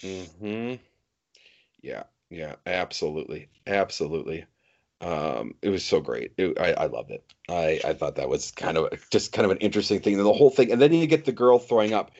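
A man co-hosting a podcast in casual chat, agreeable and hesitant, pausing often on ums and restarting his sentences. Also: sits low, a little mellow. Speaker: podcast co-host. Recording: dull lo-fi recording.

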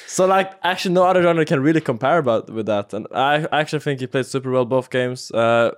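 A man's voice: medium pitch, fast talker, clean tone. Man guest, hesitant casual talk. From Sweden. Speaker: guest pro player. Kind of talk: casual chat.

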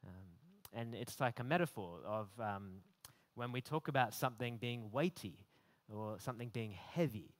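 A man's voice: medium pitch, normal speed. A man giving a conversational sermon, often repeating words as he builds emphasis. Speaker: preacher.

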